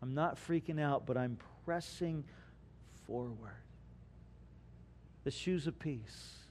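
A man preaching a sermon as pastor, asking his congregation questions and swinging from hushed lines to loud bursts. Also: mid-range voice, takes it slowly, a little hiss or hum. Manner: preaching with dramatic swings between quiet and loud; asks the congregation rhetorical questions.

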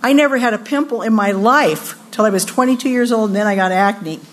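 An older woman from California giving a sermon-style talk at a women's retreat, telling lively personal stories and acting out the voices she quotes. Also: medium pitch, fairly quick, a little hiss or hum. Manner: animated storyteller, acts out quoted voices, laughs often.

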